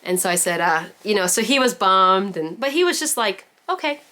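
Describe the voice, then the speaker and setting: A woman's voice: medium pitch, expressive, fairly quick, sharp tone. A woman teaching a parenting class over a video call, talking in a chatty way full of "like" and "you know". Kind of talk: casual virtual class teaching.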